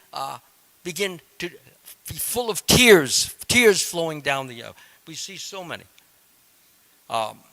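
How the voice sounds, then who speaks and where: A man's voice: on the high side, sharp tone. A man, a swami, giving a devotional scripture class in a temple hall, explaining step by step in a conversational way and putting questions to his listeners.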